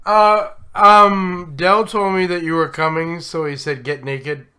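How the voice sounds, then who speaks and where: Tipsy male stream host, slurred and giggly, slow-talking with a bright edge. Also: high voice, flat delivery. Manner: effusive, giggly, rambling. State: drunk, slurring. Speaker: live stream show host. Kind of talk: casual live stream chat.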